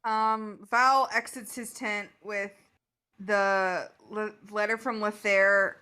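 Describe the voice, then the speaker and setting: A woman's voice: medium pitch, steady tone, slow pace, pushed and bright, clear, resonant tone. A woman player in a tabletop game, explaining things matter-of-factly in casual chat.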